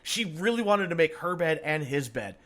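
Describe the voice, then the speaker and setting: A middle-aged man hosting a podcast in casual chat, a lively storyteller who laughs often and swears freely. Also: a little high, moderate pace. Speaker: podcast host.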